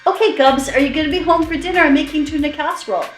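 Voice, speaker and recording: A woman's voice: sits high, racing, loud music behind the voice, close to an everyday voice. A woman voicing a doting suburban mother who fusses and frets over her son. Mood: fussing. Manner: fussing, gentle, bewildered. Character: doting middle-aged suburban mom.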